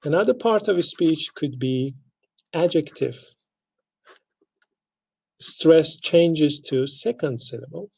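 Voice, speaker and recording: Male instructor, unhurried lecture delivery, creaky gravelly tone. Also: fairly high pitch, low-quality recording. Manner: slow, deliberate, spells out pronunciations. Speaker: English language instructor. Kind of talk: recorded lecture.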